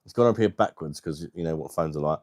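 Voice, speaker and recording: A man's voice: a bass voice, fast, darkish tone, no room sound, studio quality. A young man hosting a casual live stream on a wireless mic, chatty and laughing often as he greets viewers by name. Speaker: livestream host.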